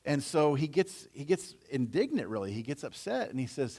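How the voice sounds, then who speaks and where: A male pastor leads a relaxed Bible talk and retells the story in loose modern phrases. His voice sits at a middle pitch for a man. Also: moderate pace, hardly any pauses. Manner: casual retelling in everyday slang. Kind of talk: conversational Bible teaching.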